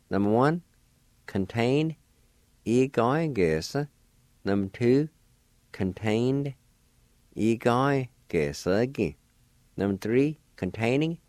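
On a radio language program, a male host and teacher breaks words into syllables, pronouncing each slowly and carefully, and cheers listeners on. His lowish voice has a darkish tone, recorded with no room sound.

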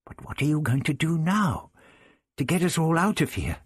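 A man's voice: fairly high pitch, very animated, normal speed, breathy edge, no room sound, pitched above the performer's own voice. A man voicing an anxious young girl who pleads with her older companion. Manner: pleading, worried.

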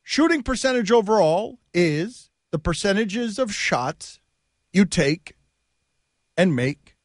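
Radio host guy, lively and joking, slightly high voice, dry studio mic. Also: slow pace, no room sound. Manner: animated, laughing, storytelling. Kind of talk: casual sports talk radio.

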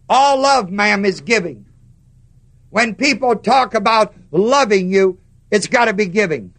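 A man preaching a sermon, stressing words slowly and putting questions to the congregation. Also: sits high, expressive, a bit bright.

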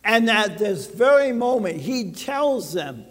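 A man preaches a sermon in a church, his voice riding high for a man and unhurried in delivery. He speaks emphatically and checks in with the congregation. The sound carries a long hall reverb. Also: very animated. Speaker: pastor. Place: church sanctuary.

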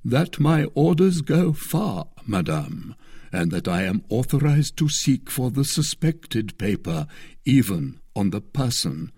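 A man's voice: medium pitch, sing-song, slow, darkish tone, breathy edge, no room sound, clean studio sound, exaggerated voice. A man reading aloud, voicing a stern, formally polite chancellor who is carrying out his orders. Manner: firm, formal, coldly polite.

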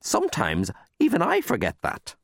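A man's voice: a little high, wildly swooping pitch, normal speed, vocal fry, fairly bright tone, dry recording, clean studio sound, pitched above the performer's own voice, heavily acted. A man voicing a stern older woman librarian, fierce but secretly kind, with a clipped, commanding manner. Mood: warm.

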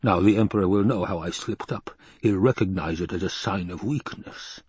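A man reading an audiobook and voicing a scheming, gluttonous baron, speaking slowly and coldly. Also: darkish tone, husky, no room sound. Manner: slow, low, cold and calculating. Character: scheming, gluttonous male baron, cold and wary.

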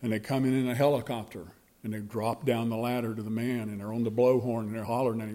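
A man preaching a sermon and telling a story with slow, emphatic delivery. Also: mid-range voice, steady tone, dark tone.

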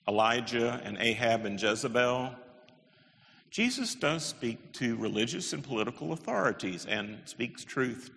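In an echoey hall with long reverb, a man with a medium-pitched, gravelly, slightly bright voice gives an animated lecture on the Bible. He's emphatic, stressing key words and dropping wry asides.

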